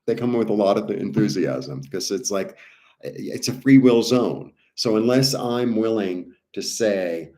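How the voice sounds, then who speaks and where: A man's voice: fairly low pitch, moderate pace, mellow. A man giving a casual, rambling spiritual talk about healing, with many fillers and restarts. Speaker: spiritual healer.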